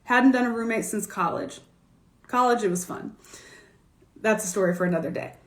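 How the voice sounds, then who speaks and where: A woman's voice: a little high, moderate pace. Woman stylist on a live stream, chatty and blunt, laughs a lot, bit of room echo. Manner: candid, animated storytelling with laughs and swearing. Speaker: fashion stylist and business coach. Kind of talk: casual livestream talk. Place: home, recorded for a social media live stream.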